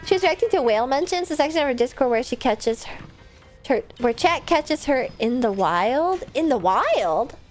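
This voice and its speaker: A woman chatting casually while she streams a game, excitable, laughing and swearing freely. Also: high-pitched, normal speed, faint music behind. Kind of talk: casual live-stream gameplay chat.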